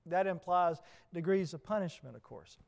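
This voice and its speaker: This is a male preacher at a moderate pace, his gravelly voice sitting unusually high for a man and carrying a Southern US accent. Repetition and questions aimed at the congregation drive his message, delivered in the even cadence of a sermon.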